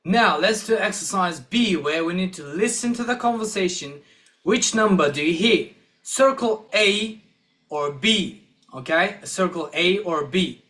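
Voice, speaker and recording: A man teaching English, giving a slow, encouraging classroom-style lesson and repeating words for learners. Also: sits high, lively intonation, pushed and bright.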